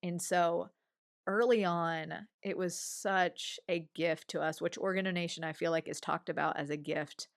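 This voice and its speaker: Woman in her 40s, interview guest, dry close sound, animated storyteller acting out other people's lines. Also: fairly low pitch, normal speed, no room sound.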